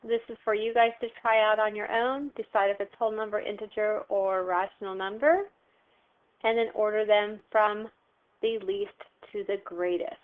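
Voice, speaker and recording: A woman's mid-range voice, clean in tone and flat in delivery, moves at a normal speed through a recorded math lesson. She teaches patiently step by step, asking questions and answering them herself. She's at home with a phone audible behind her, and the recording sounds tinny, like a phone.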